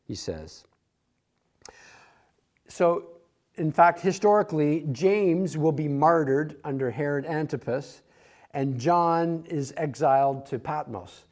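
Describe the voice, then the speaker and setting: A man teaching a church Bible class from an outline, acting out the quoted voices of the disciples. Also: measured pace. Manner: animated, acts out quoted voices with rising pitch.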